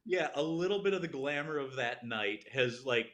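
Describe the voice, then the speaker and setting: A man's voice: medium pitch, expressive, normal speed, fairly bright tone. A middle-aged man, a TV writer appearing as a podcast guest, telling a comedic story in a rambling way, full of "like" fillers and swearing. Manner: rambling anecdotal delivery full of "like" fillers and profanity.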